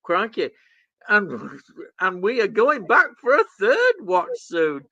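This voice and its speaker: Male co-host, slow and bouncy in pitch, dull dry recording. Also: wildly swooping pitch, sharp tone, no echo. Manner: chuckling, reads out chat messages. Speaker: stream co-host reading chat. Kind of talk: casual live stream chat.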